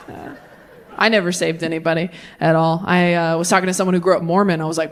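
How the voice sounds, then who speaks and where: A woman's voice: fairly low pitch, fairly even intonation, quick pace. A woman performing a stand-up comedy set on a club stage, brash and self-deprecating, talking frankly to a live audience.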